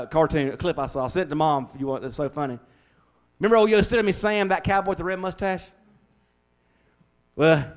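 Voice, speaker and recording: A middle-aged American man preaching a sermon as pastor, in a folksy, animated way that swings from loud to hushed. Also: on the high side. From United States.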